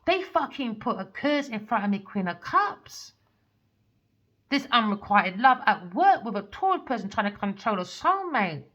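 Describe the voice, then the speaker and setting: A woman's voice: fairly high pitch, very animated, normal speed, a bit bright. A woman voicing a heartbroken, swearing man from a tarot card, who sounds distressed and calls the listener babe. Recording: dull lo-fi audio.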